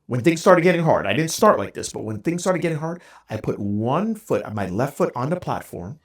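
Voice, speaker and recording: Lively man telling a story. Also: medium pitch. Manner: animated, self-deprecating, candid. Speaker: podcast host. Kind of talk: casual storytelling monologue.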